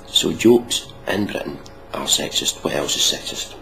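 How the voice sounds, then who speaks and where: A man's voice: rumbling low, lively intonation, a little slow, gravelly, sharp tone, slight background noise, rough recording. A man giving mocking, sweary reaction commentary on a video, ranting sarcastically.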